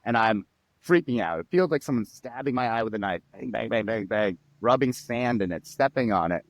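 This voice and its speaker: A man telling personal stories as a podcast guest, animated and acting out quotes. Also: mid-range voice, a little fast, no echo. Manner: animated storyteller, acts out quotes and sound effects. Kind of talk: storytelling in a podcast interview.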